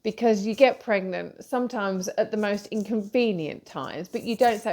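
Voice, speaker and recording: A woman's voice: medium pitch, moderate pace, hardly any pauses, a little mellow. A woman publisher hosting a casual live talk, rambling with many fillers and self-corrections.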